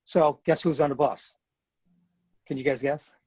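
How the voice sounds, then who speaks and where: A husky, slightly high-pitched man in his fifties tells a story in a podcast interview. He is blunt and earnest and hammers points home by repeating them. His voice sits close and dry, with no room echo. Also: fairly even intonation, unhurried, a little mellow. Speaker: podcast guest, retired Marine sergeant major.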